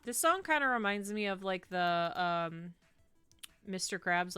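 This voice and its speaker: Slow-talking woman streamer, smooth voice. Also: mid-range voice, no room sound, soft background music. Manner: animated, says 'ew' and 'icky' with disgust, ranting. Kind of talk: casual gameplay stream chat.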